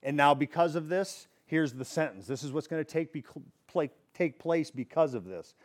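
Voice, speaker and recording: A man's voice: fairly high pitch, animated, normal speed. A man preaching an expository sermon in a conversational way, often restarting phrases and asking rhetorical questions. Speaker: pastor teaching a Bible study.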